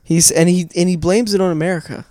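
A man's voice: high-pitched, fairly even intonation, quick pace, over a noisy crowd. A man co-hosting a casual podcast, reading out a news item with teasing chuckles. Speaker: podcast co-host, news segment. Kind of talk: casual chat. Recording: loud music behind voice.

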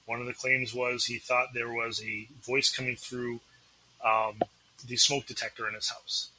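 A man's voice: medium pitch, little pitch movement, unhurried, noisy background. A man with a Massachusetts accent, a paranormal investigator, telling a story and acting out the dialogue as a podcast guest.

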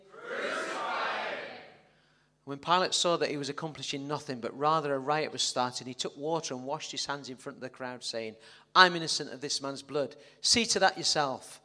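The sermon comes from a male pastor with a sharp, higher-than-average voice. He dramatizes the story, throws in jokes for the congregation, and the church hall's echo colors every line.

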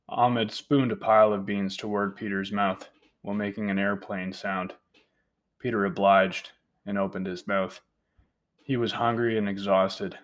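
A man narrating an audiobook in a plain, steady reading voice. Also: lowish voice, a little slow.

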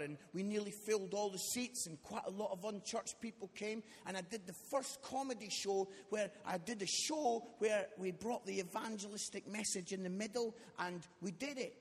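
Husky and sitting high, this man's voice leads a comic storytelling sermon as a guest speaker before a live church hall audience. He keeps things lively, telling funny stories and quizzing the congregation, with long hall reverb on the recording.

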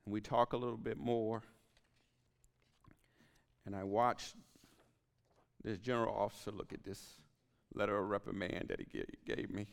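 A pastor preaches to his congregation, telling a story from his own life and sinking into near-whispers at key moments. His voice is low and gravelly, and it rings out with a long reverb, as in a large hall. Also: fairly even intonation, moderate pace, pauses often. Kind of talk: sermon.

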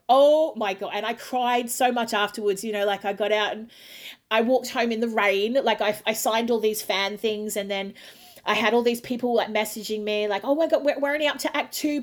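An Australian woman in middle age, an opera singer talking casually in an interview, telling a lively story and acting out her own quotes. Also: mid-range voice.

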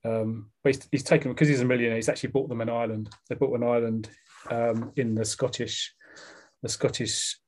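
A man with a South East London accent talks in a loose, rambling way, full of fillers and restarts. His pitch sits in a plain middle range. He sounds like a podcast co-host in relaxed chat. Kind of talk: casual chat.

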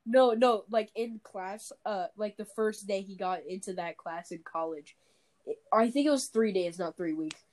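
A woman chatting casually on a voice call, winding through a story and stopping often to restart her sentences. Her pitch sits right in the middle for a woman. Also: moderate pace, darkish tone. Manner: rambling storyteller, many fillers and restarts. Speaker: podcast co-host. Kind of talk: casual chat.

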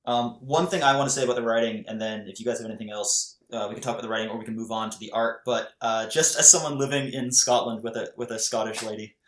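A man hosting a relaxed book chat, talking easily and moving the group from topic to topic. His voice sits at an ordinary middle pitch. The recording carries a noticeable roomy echo. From Canada. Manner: chatty, leads the talk. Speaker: podcast host. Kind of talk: casual book discussion.

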